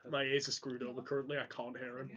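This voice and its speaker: A man's voice: medium pitch, flat delivery, fast talker, fairly bright tone, lo-fi sound, slight background noise. A man with his tabletop gaming friends, directing them and apologising during an off-air break. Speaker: tabletop game player. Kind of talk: casual off-air chat. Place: shared room with friends.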